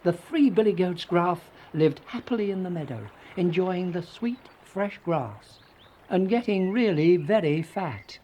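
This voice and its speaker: A reader narrating a children's fairy tale in a gentle, storybook telling. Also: medium pitch, lively intonation, measured pace.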